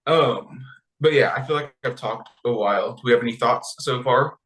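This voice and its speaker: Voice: medium pitch, moderate pace, a bit bright, echoey room, low-quality recording. A podcast co-host retelling a text in a playful, chatty way and laughing often. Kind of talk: casual chat, retelling a text.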